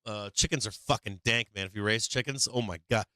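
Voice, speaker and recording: Male stream host, low-pitched, forceful and clear, talks loose and swears a lot, dry close sound. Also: a little fast, no room sound. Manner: rambling and profane, answers chat. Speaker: livestream host. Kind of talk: casual livestream chat.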